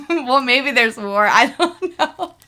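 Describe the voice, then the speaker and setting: A high, pushed, bright female voice, with a little hiss or hum in the recording. The young woman is a book vlogger chatting casually about her reading, bubbly and rambling with many fillers and much laughter.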